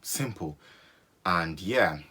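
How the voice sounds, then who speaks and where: Low-voiced young man telling a story. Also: extremely slow, husky. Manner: animated, repeats phrases for comic effect. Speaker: vlogger. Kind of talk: storytime vlog.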